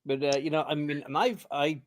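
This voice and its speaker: A man on a podcast talks in a hesitant, casual way, and his voice sits a little high. The sound is dry and close, with no room around it. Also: fairly quick, no room sound. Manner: hesitant, filler-heavy. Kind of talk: casual chat.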